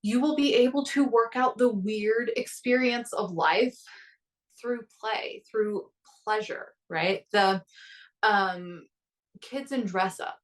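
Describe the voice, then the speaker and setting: A woman's voice: medium pitch, takes it slowly, far from the mic, rough recording. A woman in her thirties in a casual podcast conversation, telling stories animatedly and acting out her own inner voices. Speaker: guest coach.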